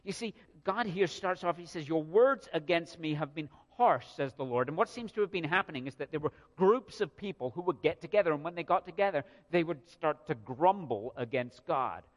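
A man's voice: on the high side, lively intonation, fairly quick, few pauses. Earnest man preaching in a reverberant hall. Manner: earnest, repeats words when building a point. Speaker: pastor. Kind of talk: sermon. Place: church sanctuary. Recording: long reverb of a church hall.

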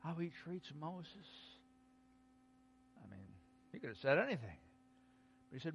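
A man preaching a sermon, slow and emphatic, dropping to a hush and then rising to exclaim. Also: fairly high pitch, big pitch swings, creaky, dull audio, a little hiss or hum. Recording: long hall reverb.

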